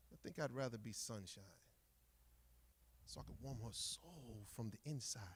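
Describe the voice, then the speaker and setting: A man performing a spoken word poem on stage, rhythmic, dropping to hushed murmurs and rising to loud bursts. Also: a little high.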